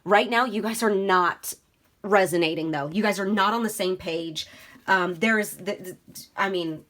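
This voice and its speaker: A woman's voice: mid-range voice, moderate pace, fairly bright tone. A woman giving a casual tarot reading, talking straight to her viewers and swearing freely. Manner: chatty, swears freely, addresses viewers directly. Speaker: tarot reader.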